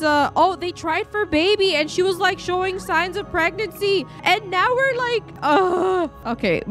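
A young woman casually commentating her live stream of a life-simulation game, chatty and scattered, talking to herself with lots of fillers. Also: on the high side.

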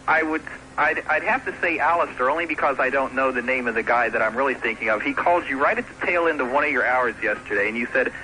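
A man's voice: medium pitch, fast, pushed and bright, a little hiss or hum, rough recording. A man calling in to a radio talk show, rambling and chuckling as he picks his nominations. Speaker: caller. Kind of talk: phone-in chat.

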